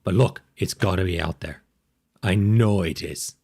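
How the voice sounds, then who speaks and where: A man's voice: sits low, a little slow, vocal fry, darkish tone, heavily acted. A man voicing a panicky, paranoid male gnome king who talks in frantic, insistent bursts.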